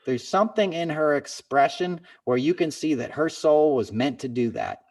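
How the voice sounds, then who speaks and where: A man's voice: on the high side, moderate pace, darkish tone. Podcast host guy, earnest and fired up, kinda far from the mic. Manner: earnest, impassioned pep talk, calls listener "man" and "brother". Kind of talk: casual chat.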